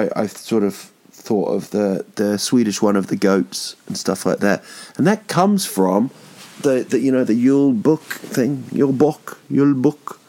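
A man's voice: fairly low pitch, darkish tone. A man in his thirties hosting a podcast, rambling through a jokey, swearing monologue that drifts off topic. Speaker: podcast host.

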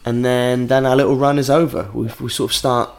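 A man co-hosting a podcast in a casual, chatty way. He tells stories with animation and jumps into quick impressions of the people in them. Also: mid-range voice, steady tone, gravelly. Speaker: podcast co-host.

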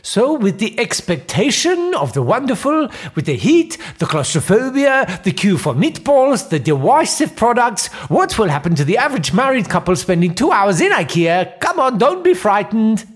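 A man's voice: sits high, sing-song, moderate pace, hardly any pauses, slightly rough, pitched above the performer's own voice, full character voice. A man voicing a smug male Swedish company executive in a mock Swedish accent, sing-song and corporate.

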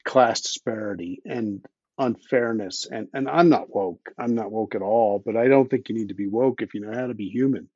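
A man's voice: on the low side, normal speed, darkish tone, husky, no room sound, dull audio. A man speaking as a podcast guest in casual conversation, blunt and opinionated, swearing now and then, often restarting his sentences, while he has the hiccups. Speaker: podcast guest, underwater explorer.

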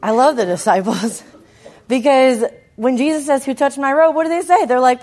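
Woman preacher, slightly high voice, very lively pitch, animated emphatic sermon delivery. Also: a little fast. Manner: animated storytelling, emphatic, swings from loud to hushed.

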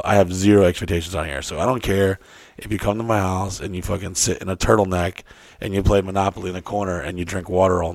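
A man's voice: low-pitched, dry recording, clean studio sound. A young man in casual chat, telling crude stories in a rambling, loose way.

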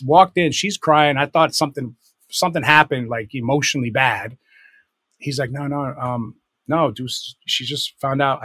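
A middle-aged DJ and producer with a husky, medium-pitched voice tells stories as a guest in a relaxed interview. His anecdotes meander, packed with fillers, restarts, and self-corrections, and the recording is dry and close with no echo.

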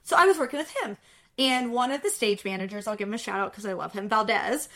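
A woman telling a work story in a casual interview, animated and acting out what people said. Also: mid-range voice, quick pace. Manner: animated, acts out quotes, laughs while telling. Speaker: production supervisor, guest.

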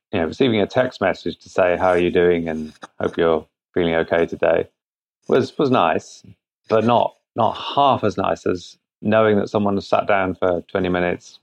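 Deep gravelly man on a muffled call. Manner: thoughtful, halting, frequent restarts. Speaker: guest, product founder. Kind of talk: conversational interview answers. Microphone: remote internet call. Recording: muffled remote call audio.

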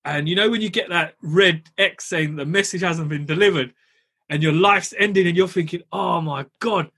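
Husky-voiced man telling a story. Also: high-pitched, normal speed. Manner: animated, laughs while telling, swears casually. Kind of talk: casual storytelling.

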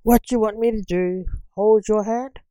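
A woman's voice: on the high side, animated, measured pace, dark tone, dry recording, clean studio sound, pitched above the performer's own voice. A woman voicing a snappy, grumbling old coroner. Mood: irritated. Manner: snappy, moaning complaints. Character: impatient grumpy older male coroner.

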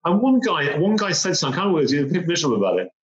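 Fast-talking man telling a story. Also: fairly high pitch, very animated. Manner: vivid storyteller, repeats phrases, acts out moments. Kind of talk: personal storytelling. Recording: roomy, dull lo-fi sound.

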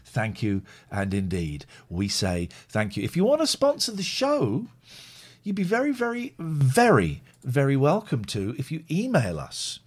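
A man's voice: mid-range voice, wildly swooping pitch, a little slow, slightly rough. A man from the United Kingdom hosting a live stream show in casual, rambling, blunt chat. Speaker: show host.

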